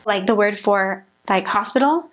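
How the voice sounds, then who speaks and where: A woman's voice: mid-range voice, normal speed, dull audio. A young adult woman, a former missionary, explaining in a chatty, rambling way with many filler words. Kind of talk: casual conversational explanation.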